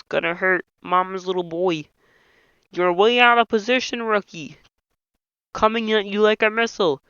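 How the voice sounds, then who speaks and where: A man doing an impression of a nasal, excitable male puppet frog, reading a whole film script aloud as every character. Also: high voice, smooth, no room sound. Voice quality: nasal, reedy. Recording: dull lo-fi dry home mic.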